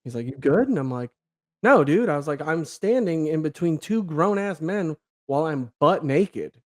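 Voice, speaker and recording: Animated young man telling a story. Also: on the high side, moderate pace. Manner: animated, acts out quoted dialogue, laughs, swears casually. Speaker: podcast guest. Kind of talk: casual storytelling in conversation.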